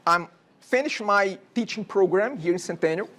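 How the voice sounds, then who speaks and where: A man in his forties with a Brazilian Portuguese accent lectures a classroom. His voice sits high, and his talk is chatty and wandering, broken up by frequent "okay?" checks with the students. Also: moderate pace, fairly bright tone. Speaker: college instructor.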